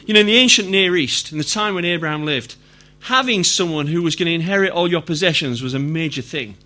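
A man's voice: on the high side, quick pace, pushed and bright. A middle-aged man with a Yorkshire accent preaching a sermon in a conversational way, putting questions to the congregation. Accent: Yorkshire English. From Yorkshire, England.

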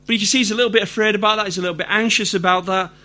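A man's voice: high voice, steady tone, very fast, sharp tone. A middle-aged man with a Yorkshire accent preaching a sermon in a conversational way, putting questions to the congregation. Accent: Yorkshire English. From Yorkshire, England.

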